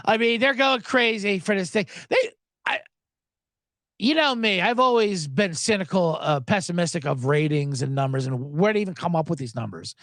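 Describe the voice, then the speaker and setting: A man's voice: high-pitched, expressive, normal speed, fairly bright tone, dry recording. A man hosting a sports betting podcast, ranting sarcastically with profanity and mocking voices. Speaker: podcast host.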